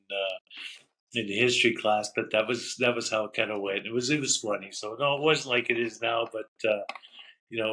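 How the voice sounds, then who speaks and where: Bright-voiced man telling stories. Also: lowish voice, low-quality recording. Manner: rambling, repeats "I said" and "he goes", chuckles. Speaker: guest, former hockey goalie. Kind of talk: casual storytelling interview.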